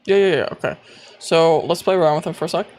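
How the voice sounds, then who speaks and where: A man streaming live, chatting casually, excitable and quick to gasp, squeal and swear. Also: a little high. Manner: excitable, gasping and squealing with laughter.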